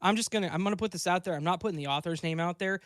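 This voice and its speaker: A man's voice: sits high, racing, fairly bright tone, dry recording, studio quality. A man who narrates stories, co-hosting a podcast in blunt, casual chat and swearing freely. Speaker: podcast host and story narrator.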